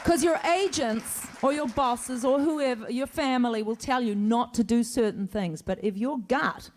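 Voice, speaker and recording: At a convention Q&A panel, a woman guesting as an actor fields fan questions through a stage mic in a large hall. Her voice sits on the high side with a darkish tone and a measured pace, and she's chatty, joking and self-deprecating, often restarting her sentences. Some chatter and slight noise can be heard in the background.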